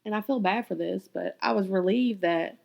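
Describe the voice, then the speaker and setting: A woman's voice: mid-range voice, moderate pace, gravelly, darkish tone, low-quality recording. A woman hosting her own podcast, telling her life story in a raw, candid way and swearing freely. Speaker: podcast host. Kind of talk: confessional personal storytelling.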